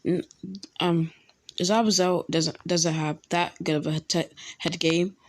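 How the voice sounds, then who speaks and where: A young woman casually telling a fan-made story, halting often with ums and restarts. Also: fairly low pitch, fairly even intonation.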